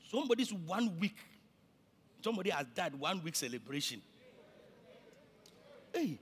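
A male pastor with a Ghanaian accent, preaching a sermon that swings between shouting and quiet, and he repeats himself often. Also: high-pitched, sing-song, normal speed, long pauses, slightly rough.

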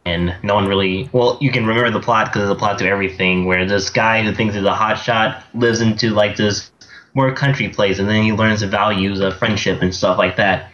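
Sarcastic low man, dull lo-fi sound. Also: steady tone, brisk, a bit bright. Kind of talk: casual podcast chat about movies.

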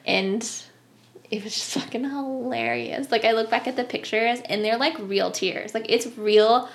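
Chatty woman in her thirties, creaky voice. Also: on the high side, a little slow. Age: 30s. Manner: animated storytelling with bursts of laughter and swearing. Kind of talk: casual chat.

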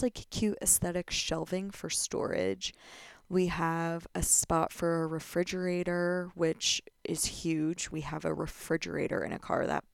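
Casting: young woman host, lowish gravelly voice, blunt and chatty, solo podcast. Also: dry recording. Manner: chatty, frequent "like" fillers, blunt and profane. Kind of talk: casual solo podcast chat.

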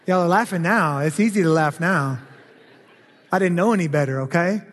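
A male pastor preaching a sermon, telling a personal story with lively, animated delivery that turns heated and loud in places. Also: fairly high pitch, moderate pace, big-room sound.

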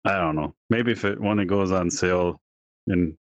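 Male co-host, very deep voice, relaxed and halting, dry close mic. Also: no room sound. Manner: laid-back, halting, laughs often. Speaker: podcast co-host. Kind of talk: casual gaming chat.

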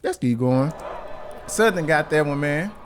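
A man's voice: a little high, lively intonation, unhurried, a little hiss or hum. A man reviewing a marching band battle in casual, slangy reaction commentary, exclaiming often. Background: faint band music.

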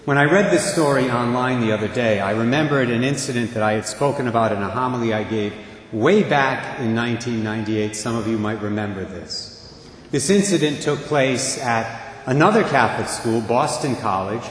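A man's voice: medium pitch, lively intonation, moderate pace, a little hiss or hum. A middle-aged man, a priest, giving a sermon in a church in an earnest, storytelling manner. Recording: echoey church with long reverb.

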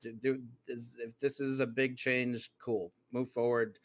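A man's voice: medium pitch, flat delivery, measured pace. A man co-hosting a casual chat, loose and chatty, often laughing as he talks.

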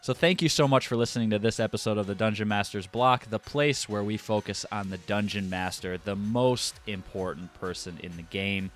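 A man co-hosting a tabletop gaming podcast in casual chat, relaxed and repeating words as he starts sentences. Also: on the low side, moderate pace, few pauses, soft background music. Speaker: podcast co-host.

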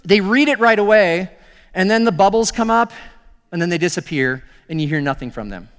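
A male pastor giving a sermon, telling the story with animated acted-out dialogue. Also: high voice, a little fast, clean tone, big-room sound.

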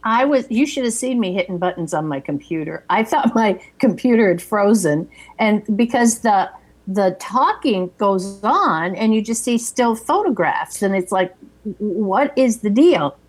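Lively middle-aged woman podcast host. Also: mid-range voice, moderate pace. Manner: lively, laughing, expressive. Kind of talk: casual chat.

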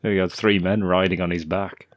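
A man's voice: low voice, flat delivery, brisk, no room sound, studio quality. A man co-hosting a podcast, riffing animatedly on a film, laughing often and swearing freely. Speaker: podcast co-host. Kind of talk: casual film-review chat.

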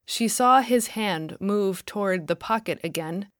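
A woman author and podcast host reading her own fiction in a measured, careful scripted narration. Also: medium pitch, no echo, studio quality. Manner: measured, careful storytelling delivery.

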